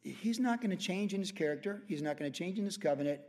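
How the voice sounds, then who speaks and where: A man's voice: high voice, expressive, fast talker, darkish tone, big-room sound. A man preaching a verse-by-verse Bible teaching in a conversational way, often acting out the voices he quotes. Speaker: pastor.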